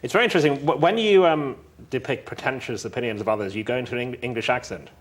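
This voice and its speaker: Male interview host, quick and direct, asks probing questions. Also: mid-range voice.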